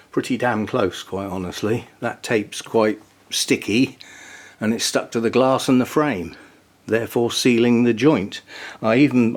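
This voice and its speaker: A man giving a casual, chatty walkthrough inside a small greenhouse, chuckling at his own jokes and talking into a handheld camera mic. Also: lowish voice. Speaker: orchid grower vlogger.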